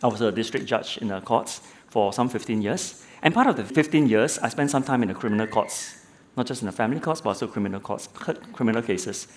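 A middle-aged lay preacher, once a judge, delivers a sermon in a voice of medium pitch, building his argument through a courtroom story and rhetorical questions. He talks fast and often stumbles, repeating a word as he begins a new phrase, with a slight hiss or hum in the audio.

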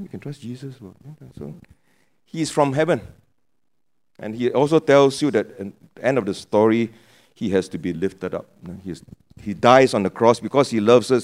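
Joking preacher with a Penang accent. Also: male voice, on the low side, a little mellow. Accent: Penang English. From Penang, Malaysia. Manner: chatty, joking asides with local particles. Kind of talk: sermon.

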